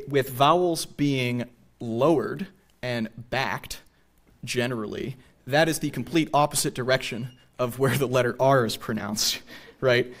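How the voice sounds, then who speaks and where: A man from the Greater Boston area giving a public history lecture on a theater stage, explaining step by step and often checking in with "right?". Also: medium pitch.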